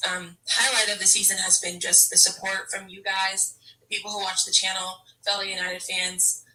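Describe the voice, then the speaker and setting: A woman's voice: medium pitch, flat delivery, moderate pace, bright, forceful tone, recorded from a distance, poor audio. A woman football fan ranting to camera in a frustrated, exasperated way, stammering and restarting her sentences. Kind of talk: emotional fan rant to camera.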